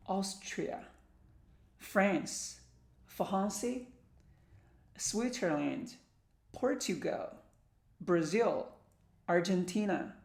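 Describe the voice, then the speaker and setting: A woman teaching English vocabulary, reading country names and numbers aloud one by one and slowly. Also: on the low side, darkish tone, roomy sound. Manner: slow, careful word-by-word reading. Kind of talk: vocabulary lesson, reading word lists aloud.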